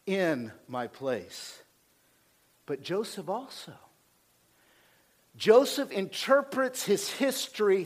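A male senior pastor preaching a sermon, retelling scripture in a lively, conversational way that swings between loud and soft. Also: high-pitched.

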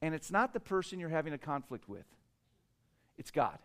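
A middle-aged man preaching a sermon as pastor, emphatic, with repeated words and swings between loud and soft. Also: a little high, very animated, moderate pace. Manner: emphatic preaching with repetitions, rising and falling loudness.

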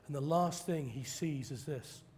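A man preaching a sermon, telling stories dramatically and acting out quoted preachers in loud high bursts. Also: a little slow. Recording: long hall reverb.

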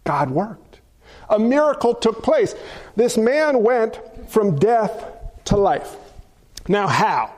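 Very high-voiced man preaching a sermon. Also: big pitch swings, slow, long pauses, a little mellow. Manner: emphatic, rhetorical questions to the congregation. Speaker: pastor.

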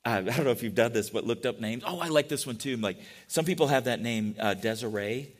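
A middle-aged man preaching a sermon in a relaxed, conversational way, often asking the congregation questions. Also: medium pitch, quick pace. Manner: chatty, asks the congregation questions. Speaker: pastor.

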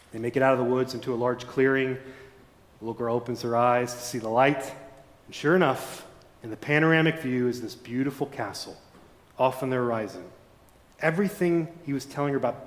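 A male pastor preaching a sermon in a church, dramatic and shifting between fervent and hushed. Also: medium pitch, fairly quick. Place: church sanctuary. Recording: echoey church hall.

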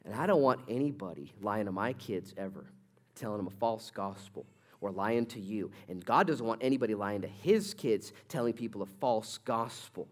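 A man preaching a sermon as pastor, telling a story with lively swings between loud, excited bursts and quiet, low-toned stretches. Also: normal speed.

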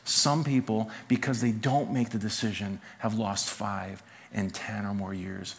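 A man's voice: on the low side, steady tone, a little slow, creaky. A man preaching a sermon as pastor in a church, conversational and emphatic, asking the congregation rhetorical questions.

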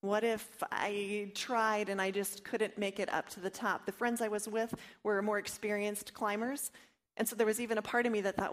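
A woman's voice: medium pitch, fairly even intonation, a little fast. A woman giving an earnest devotional teaching, mixing personal stories with scripture and voicing her own inner doubts. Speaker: Bible study teacher.

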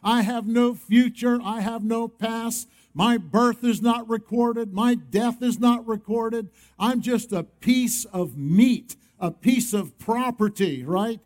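A man's voice: very high voice, slow, hardly any pauses, darkish tone. A male pastor preaching a sermon, emphatic, often calling on the congregation to respond.

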